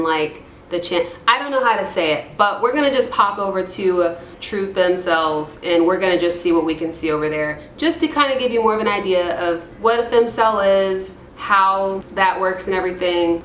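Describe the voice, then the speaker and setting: A woman's voice: on the low side, a bit bright, echoey room, a little hiss or hum. A woman giving casual, irreverent commentary while reading forum posts aloud, with rambling, self-deprecating asides. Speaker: YouTube commentator.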